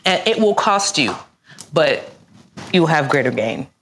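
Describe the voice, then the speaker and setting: Low-voiced earnest woman guest. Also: big pitch swings, a little slow, fairly bright tone, slight background noise. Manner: reflective, earnest, speaks in repeated restarts. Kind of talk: faith talk conversation.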